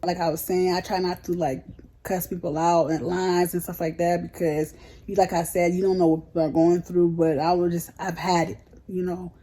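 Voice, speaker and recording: Low, mellow-voiced woman vlogging. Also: little pitch movement, moderate pace. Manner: chatty, frank, heated retelling with slang. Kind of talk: casual storytime vlog.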